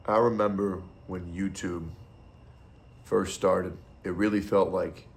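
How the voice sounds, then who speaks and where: Deep gravelly-voiced man ranting bluntly. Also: a little hiss or hum. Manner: blunt, profane, opinionated. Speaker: streamer. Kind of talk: casual ranting monologue.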